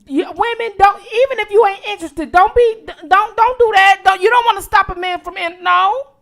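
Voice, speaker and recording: Woman, from Detroit, livestream host, casual late-night chat, bright, high-pitched. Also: creaky. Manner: animated, reads out viewer locations with quick reactions.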